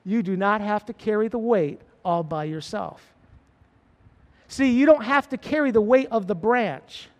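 High-voiced fervent preacher in a reverberant hall. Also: male voice. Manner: repetitive, rising to fervent emphasis. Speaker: pastor. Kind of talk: sermon.

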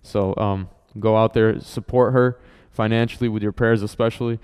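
A man's voice: fairly low pitch, fairly even intonation, moderate pace, darkish tone, smooth. A man leading a church service, making announcements and calling people up to share, encouraging and using frequent fillers.

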